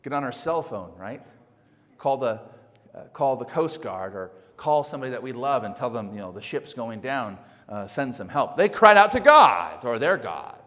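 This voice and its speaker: Male pastor, sermon, animated rhetorical questions, lively swooping pitch, long hall reverb. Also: normal speed.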